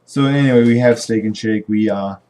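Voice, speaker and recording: A man's voice: on the low side, brisk, mellow. A young man talking casually to camera in a rambling, meandering way, often restarting his sentences. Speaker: vlogger. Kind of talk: casual vlog monologue.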